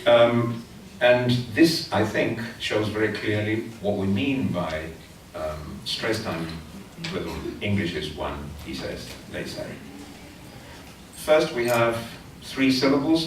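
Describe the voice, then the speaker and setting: A middle-aged man with a Chilean accent lectures, his lowish voice picked up from a distance. The hall rings with a heavy echo, with faint room noise underneath. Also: expressive, takes it slowly. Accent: Chilean Spanish. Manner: explanatory, chatty with asides, taps out beats aloud. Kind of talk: academic conference talk. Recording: echoey hall from far off.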